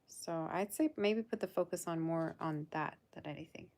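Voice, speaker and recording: A woman's voice: deep voice, normal speed, a little mellow. A woman doing a live tarot reading in a loose, chatty way, full of fillers and calling the listener "girl". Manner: loose, fillers and half-sentences. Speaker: tarot reader.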